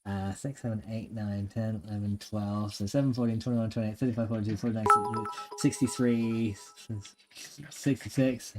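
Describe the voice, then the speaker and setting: A man streaming a game live, reading and thanking his chat in an excitable, giggly way with plenty of swearing. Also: lowish voice, moderate pace, over loud music.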